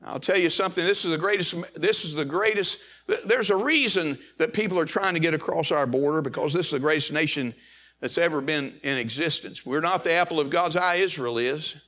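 A middle-aged man preaches with fervor, his voice pitched high and ringing bright. He stumbles over and repeats words as he presses his points, building to raised passages before dropping back. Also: fairly quick. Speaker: pastor. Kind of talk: sermon.

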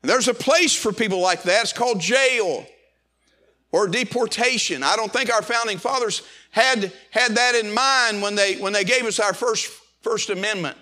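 A middle-aged man preaches with fervor, his voice pitched high and ringing bright. He stumbles over and repeats words as he presses his points, building to raised passages before dropping back. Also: moderate pace. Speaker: pastor. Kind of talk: sermon.

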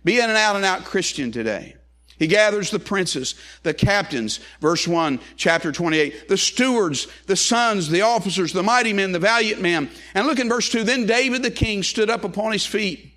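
A man's voice: high-pitched, animated, moderate pace, pushed and bright. A male pastor preaching a sermon, reading scripture aloud and repeating phrases in a rising and falling preaching cadence.

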